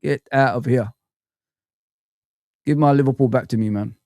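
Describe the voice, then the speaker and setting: A man's voice: mid-range voice, normal speed, warm tone, no echo, clean studio sound. A man hosting a live football fan stream, chatting with viewers and ranting animatedly. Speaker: football fan channel host.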